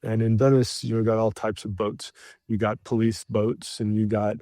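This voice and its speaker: A man's voice: fairly low pitch, normal speed, dry recording. A middle-aged man, a podcast guest, telling a travel story casually with lots of fillers and restarts. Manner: animated anecdote teller, acts out shouted quotes.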